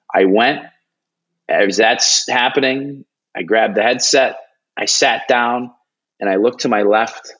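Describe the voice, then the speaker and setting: A man's voice: on the low side, lo-fi sound. A young man, a hockey broadcast analyst, telling a story in an interview, earnest, with restarts and fillers, acting out what people said. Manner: animated storytelling, acting out quoted lines.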